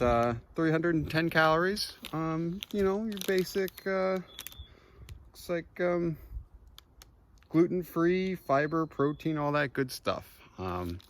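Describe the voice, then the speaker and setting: A man's voice: a little high, fairly bright tone, a little hiss or hum. A man on a long-distance hike, talking casually to a handheld camera outdoors, easygoing and rambling as he thinks aloud. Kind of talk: casual trail vlog. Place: outdoors on a mountain trail.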